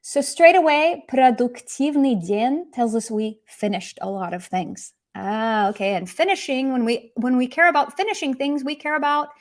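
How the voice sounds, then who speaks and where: A woman teaching a Russian grammar lesson to learners, explaining examples in upbeat, lively English mixed with Russian phrases. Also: high-pitched, normal speed, few pauses. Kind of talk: online language lesson.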